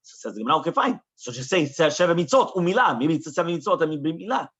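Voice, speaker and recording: A man's voice: a little high, animated, racing, a bit bright, breathy edge, muffled recording. A man teaching a Talmud class as a rabbi, explaining the text with lots of rhetorical questions and quoted Hebrew and Aramaic.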